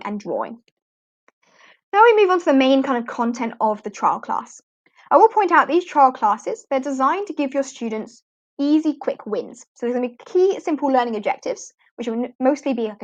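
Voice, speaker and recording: In dull audio, a woman with a voice on the high side guides teachers through online lesson slides. As an ESL teacher trainer giving an instructional screen walkthrough, she is chatty and practical and models prompts for students.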